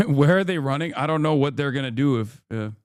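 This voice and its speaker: A man's voice: on the high side, expressive, a little fast, darkish tone, clean tone, no echo, studio quality. Sarcastic man streaming. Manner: sarcastic, profane, rising to angry rants. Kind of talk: live stream commentary.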